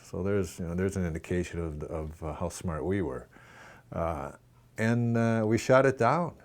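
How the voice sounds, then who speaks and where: Deep-voiced older man telling stories. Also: normal speed. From Minnesota. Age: 60s. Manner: lively yarn-spinner, self-mocking, acts out dialogue. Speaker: former hockey player and actor, guest. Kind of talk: casual anecdotal storytelling.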